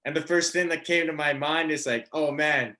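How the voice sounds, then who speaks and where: A man's voice: on the high side, fairly even intonation, brisk, sharp tone. Rambling man doing stand-up. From Canada. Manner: rambling, filler-heavy, laughing at own jokes. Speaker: stand-up comedian. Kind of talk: stand-up comedy set.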